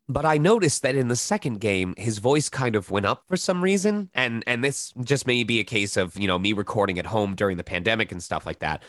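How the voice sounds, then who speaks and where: A man in his thirties chatting casually in an interview about his voice-acting craft. He talks in an animated way and often drops into little demonstration voices. His pitch sits in the middle, and the recording is dry with no room echo. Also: normal speed. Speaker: voice actor guest.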